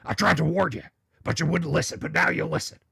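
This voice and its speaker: A man voicing a loud, paranoid middle-aged male conspiracy radio ranter who makes urgent warnings. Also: on the high side, steady tone, fast, vocal fry, slightly rough, no echo, clean studio sound, full character voice. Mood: ranting.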